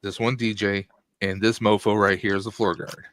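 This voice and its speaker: Forties guy cracking jokes and telling old stories, fairly low voice. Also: little pitch movement, moderate pace, noisy background. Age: 40s. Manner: chatty, jokey storyteller. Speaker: guest on stream. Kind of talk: casual chat.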